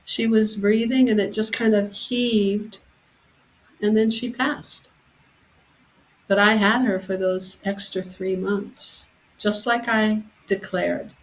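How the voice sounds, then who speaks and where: A woman hosting a talk show, telling a personal story in a heartfelt way and getting animated when she quotes people. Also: medium pitch, takes it slowly, rough recording. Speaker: podcast host.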